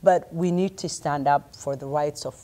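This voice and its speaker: A woman with a low-pitched voice speaks passionately on a community panel. She stumbles and restarts often and fills pauses with "um" and "you know". Her delivery is earnest and searching. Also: warm tone. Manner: impassioned, halting with many restarts and fillers.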